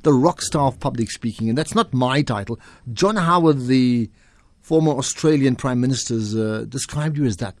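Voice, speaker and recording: A man's voice: mid-range voice, moderate pace, a little mellow, dry recording. A male radio host asking questions in a studio interview, chatty, repeating words as he frames each question. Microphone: studio microphone.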